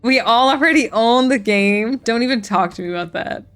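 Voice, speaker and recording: Soft music plays behind a woman whose voice is a little high and fairly bright, at a normal speed. During her casual gaming livestream of a farming game, she chats with viewers, reading and answering chat while playing.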